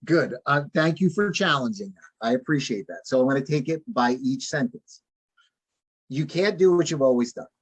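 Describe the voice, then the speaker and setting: A man's voice: on the high side, slightly rough. Emphatic male sales trainer on a call. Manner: repetitive, emphatic, checks in with trainees. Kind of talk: live online sales training session.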